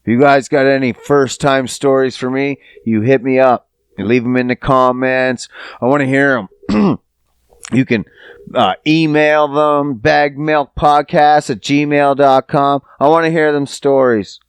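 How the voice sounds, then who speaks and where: A man's voice: medium pitch, fairly even intonation, unhurried, clear, resonant tone, dry recording. A man hosting a podcast who talks to his listeners in a casual, rambling monologue, swearing freely and joking. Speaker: podcast host.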